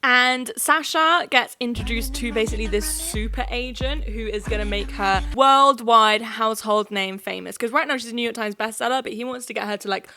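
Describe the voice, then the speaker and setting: Young woman, bright voice, somewhat high, casual sarcastic recap chat. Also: normal speed, few pauses, faint music behind. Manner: chatty, sarcastic, laughs often, acts out quotes. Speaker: YouTube host recapping a TV series.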